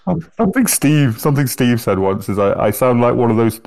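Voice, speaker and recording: A man's voice: medium pitch, expressive, fairly quick, vocal fry, darkish tone. A man with a Northern English accent, chatting casually and swearing freely, often breaking into laughter. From Northern England. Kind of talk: casual chat.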